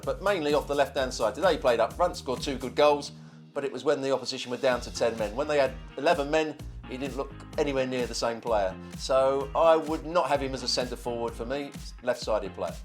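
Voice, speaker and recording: A man giving blunt, matter-of-fact football analysis on a studio panel. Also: medium pitch. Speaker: football pundit.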